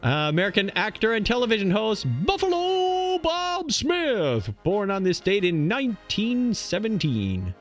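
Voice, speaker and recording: A man co-hosting a podcast, reading this-day-in-history items in a joking, animated way. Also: high-pitched, faint music behind. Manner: animated, joking, quick to laugh. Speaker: podcast co-host.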